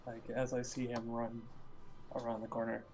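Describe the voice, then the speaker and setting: A man's voice: mid-range voice, monotone, moderate pace, a little mellow, soft background music. A man playing a tabletop game who rambles and half mutters to himself. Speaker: player. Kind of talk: tabletop role-play.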